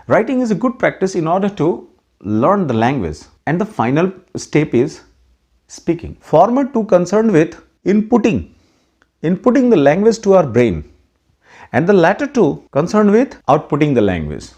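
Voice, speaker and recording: A man with an Indian English accent teaching pronunciation, slowly repeating each word as a drill. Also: fairly high pitch, very animated, darkish tone, breathy edge. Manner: slow, instructive, repeats words for drill. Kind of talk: pronunciation lesson.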